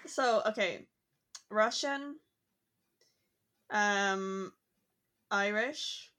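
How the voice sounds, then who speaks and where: A woman's voice: medium pitch, very slow, pushed and bright. Casual co-host: woman, conversational, reflective, easy laughter. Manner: chatty, reflective, laughs easily. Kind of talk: casual chat.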